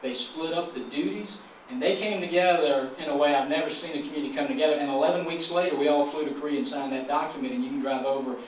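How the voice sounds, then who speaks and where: With a slightly high, steady voice and a quick pace, a Southern-accented chamber of commerce president gives a folksy keynote packed with jokes. He draws the local officials into call and response. Picked up from far off in an echoey conference hall, the audio has a little hiss or hum.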